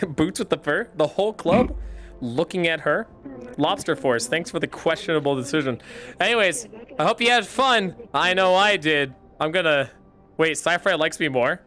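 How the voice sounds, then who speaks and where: Bright-voiced man, casual profane streamer. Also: fairly high pitch, lively intonation, normal speed, soft background music. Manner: profane, joking, shouts in bursts.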